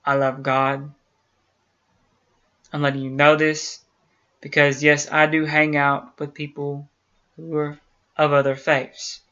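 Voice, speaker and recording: A man's voice: fairly high pitch, completely flat delivery, slow pace, pauses often, bright, forceful tone. A man hosting a YouTube channel, talking earnestly and directly to his viewers in a casual chat. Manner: earnest, talks straight to viewers. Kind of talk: casual talk to camera. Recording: dull lo-fi sound.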